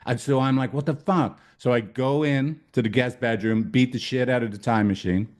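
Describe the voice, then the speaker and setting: A man from Ireland, a couples therapist, telling a story in an animated, emphatic way with lots of swearing and repetition. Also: medium pitch, fairly quick. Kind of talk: storytelling talk.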